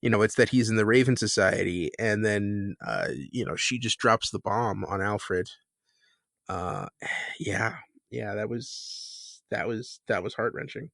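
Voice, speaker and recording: A man's voice: on the low side, unhurried, vocal fry, a bit bright, dry recording, studio quality. A man co-hosting a podcast in casual chat, rambling with many restarts and laughs. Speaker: podcast co-host.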